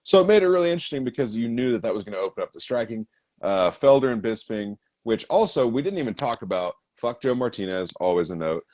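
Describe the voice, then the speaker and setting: A man's voice: medium pitch, big pitch swings, fast talker, darkish tone, slight background noise. A man co-hosting a casual podcast, telling a story in a rambling, profane way. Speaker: podcast co-host. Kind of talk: casual chat.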